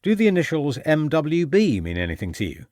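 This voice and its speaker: A man's voice: on the high side, wildly swooping pitch, a little fast, a little mellow, no echo, pitched above the performer's own voice. A man reading an audiobook, voicing a shrewd, stern male police inspector who questions in a dry, mocking way. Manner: probing, dryly mocking.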